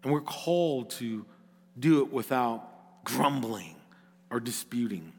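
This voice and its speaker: A man's voice: medium pitch, expressive, slow pace, slightly rough, big-room sound. A middle-aged male pastor preaching a sermon, earnest and at times rising to emphatic exhortation.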